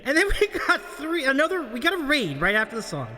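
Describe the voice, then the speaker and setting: A man's voice: extremely high pitch, huge pitch swings, fast talker, bright, forceful tone. A man hosting a casual livestream talk show, telling a story in a rambling way and laughing often. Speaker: host.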